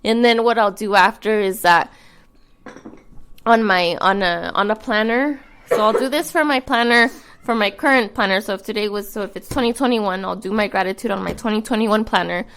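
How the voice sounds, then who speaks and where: A woman co-hosting a relaxed podcast, mid-pitched and quiet. She feels her way through her thoughts with pauses, fillers and restarts. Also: a little hiss or hum. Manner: soft-spoken, hesitant with many ums. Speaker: podcast co-host. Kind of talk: casual chat.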